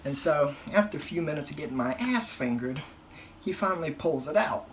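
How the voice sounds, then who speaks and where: A man's voice: a little high, a little fast. Crude, profane male stand-up comic. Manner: crude, profane storytelling with animated outbursts. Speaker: stand-up comedian. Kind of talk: stand-up comedy routine.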